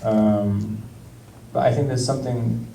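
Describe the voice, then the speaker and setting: An English actor in casual stage talk at a film Q&A, hesitant, with many ums and frequent laughs. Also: male voice, mid-range voice, steady tone, slow pace, gravelly, mellow, far from the mic. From England. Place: large screening hall with audience. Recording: echoey hall, mic from afar, noise.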